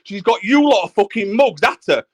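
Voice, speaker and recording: A high-pitched man venting in a furious, expletive-laden rant. He talks over everyone on a livestream panel, hammering home the same points. His voice stays pinched and high throughout the quarrel. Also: sing-song, moderate pace, husky. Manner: angry, ranting, swearing constantly. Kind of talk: heated argument on a livestream panel.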